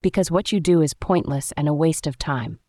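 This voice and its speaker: A woman's voice: low-pitched, brisk, warm tone, dry recording, clean studio sound. A woman doing a sardonic cocky engineer. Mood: dismissive. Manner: dismissive and mocking. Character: cocky rule-breaking male engineer, sardonic.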